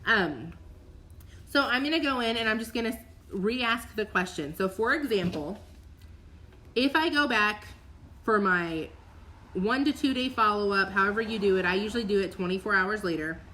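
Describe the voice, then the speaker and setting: Woman, casual teaching talk, upbeat and chatty, crisp bright tone, medium pitch. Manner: chatty, upbeat, filler-heavy. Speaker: network marketing coach. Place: recorded at home for a replay.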